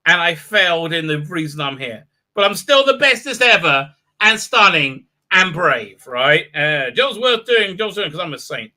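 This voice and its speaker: A man's voice: on the high side, animated, moderate pace, few pauses, pushed and bright. A man hosting a live stream, recapping an episode in a rambling, sarcastic way with many fillers. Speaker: show host.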